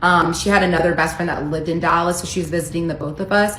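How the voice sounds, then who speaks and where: A woman's voice: lowish voice, steady tone, fast talker, fairly bright tone. Earnest woman telling a story, echoey room. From United States. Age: 30s. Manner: earnest, emotional retelling, reading out texts. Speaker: storyteller recounting her own experience. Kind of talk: personal storytelling vlog. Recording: echoey room with faint ambient noise.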